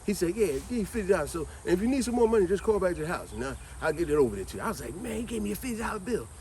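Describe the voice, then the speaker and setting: A man telling a childhood story in a casual, animated way, acting out the people he quotes and often saying "man". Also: high-pitched, racing, background noise. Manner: animated, acts out quoted voices, repeats "man".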